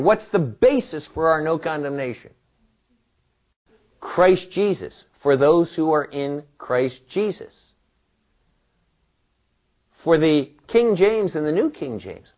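A man teaching from the Bible at an unhurried pace, his pitch climbing and falling in lively sweeps as he presses questions on his listeners. The recording sounds dull and lo-fi. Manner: animated, asks the listeners questions and quotes scripture.

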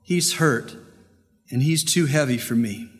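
A man's voice: medium pitch, a little slow, lightly acted. A young boy begs for help through tears, apologetic and pleading, as a preacher puts him on. The voice is set in a hall with a long reverb tail.

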